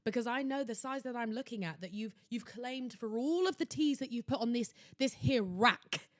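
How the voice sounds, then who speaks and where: A young woman with a voice on the high side, at normal speed, rants theatrically and sarcastically about shopping on her own podcast. It's a casual solo rant recorded on a home laptop setup, yet the sound is clean, studio-like, and free of echo.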